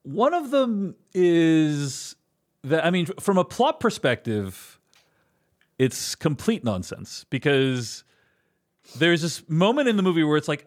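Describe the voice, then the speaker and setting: Animated man hosting a film podcast. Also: a little high, unhurried. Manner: animated, acts out lines in quoted voices. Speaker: podcast host. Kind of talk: casual film discussion.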